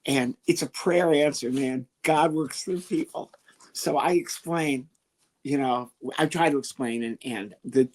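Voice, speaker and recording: Comedian guy on an interview show, husky voice, tells his story all animated, does little voices for people. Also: mid-range voice. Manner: lively, animated, acts out the people he quotes. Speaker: comedian guest.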